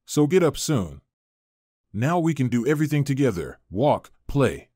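A man's voice: mid-range voice, very animated, normal speed, mellow, no echo, clean studio sound. A man voicing a timid six-year-old boy who pleads with his sick father in an eager, questioning way. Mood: pleading.

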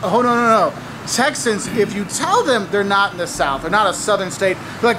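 Wry travel host outdoors by traffic. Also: male voice, high voice, moderate pace. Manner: lively, wry, explanatory. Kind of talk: travel vlog commentary. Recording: outdoor clip with street noise. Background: traffic and street ambience.

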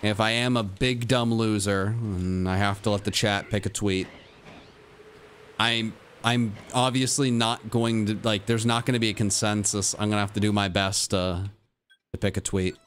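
A young man streaming a game live, talking to himself and his chat, with mock-dramatic groans and sudden high yelps. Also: fairly even intonation, moderate pace, a bit bright, a little hiss or hum. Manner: addresses his chat directly. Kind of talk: live gameplay commentary.

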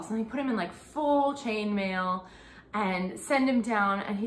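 A woman's voice: mid-range voice, echoey room. A young adult woman hosting a casual comedic recap, chatty and sarcastic, dropping swear words. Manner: chatty and sarcastic, swearing, with bursts of laughter and mock quotes. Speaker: podcast host recapping a TV show.

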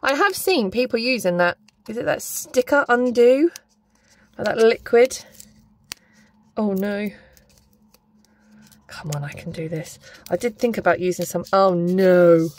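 A woman's voice: medium pitch, unhurried, pauses often, slight background noise. A young woman chatting casually as she unboxes stationery, gushing and exclaiming often.

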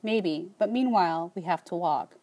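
A woman voicing a weary, gentle father who speaks softly and sadly in an audiobook. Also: on the low side, moderate pace, natural voice. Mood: firm. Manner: soft, sad.

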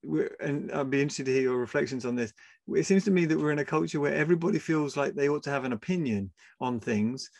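A man hosting as a pastor, speaking in a measured, thoughtful way. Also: fairly high pitch, vocal fry, darkish tone, dry recording. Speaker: pastor, host. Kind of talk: reflective interview questions.

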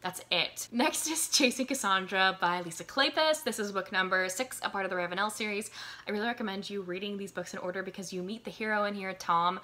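A woman of twenty-two recommending books in a rambling casual chat, full of "like" and "um" and quick laughs. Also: medium pitch, pushed and bright, slight background noise. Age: 22, college student. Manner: rambling, lots of "like" and "um", frequent laughs. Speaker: book reviewer. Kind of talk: casual chatty book recommendations.

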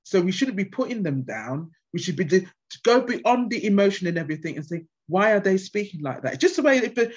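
A woman guest speaker at a conference, answering questions with passionate, animated stories. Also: fairly low pitch, breathy edge. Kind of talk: conference Q&A with anecdotes. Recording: dull lo-fi sound.

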